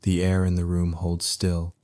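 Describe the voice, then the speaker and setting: A man narrating a soothing sleep story in a very deep, hushed voice. He speaks slowly, with barely any lift in pitch. His delivery stays soft and even.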